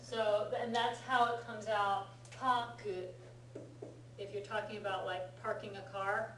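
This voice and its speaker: A woman's voice: medium pitch, fairly even intonation, moderate pace. An American woman teaching a casual language lesson, explaining patiently and encouraging her student, with plenty of fillers. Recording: roomy room from far off, faint hum.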